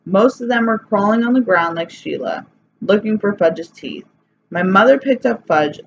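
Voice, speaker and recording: A woman reading a children's chapter book aloud in a lively, plain storytelling way. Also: medium pitch, moderate pace, gravelly. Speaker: reader. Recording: slightly dull recording, faint hiss.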